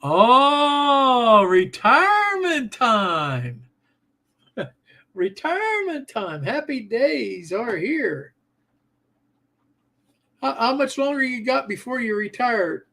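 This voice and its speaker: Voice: medium pitch, expressive, takes it slowly, pauses often, a bit bright. An older host of a live model train show, chatting casually and reacting to viewer comments with frequent laughs. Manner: easygoing, laughs often while talking.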